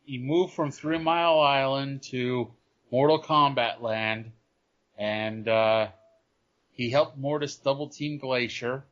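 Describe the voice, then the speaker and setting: A man's voice: mid-range voice, steady tone, slow, fairly bright tone, dull audio. A man co-hosting a podcast, chatting casually and dropping dry, sarcastic asides. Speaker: podcast co-host. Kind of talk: casual wrestling recap chat.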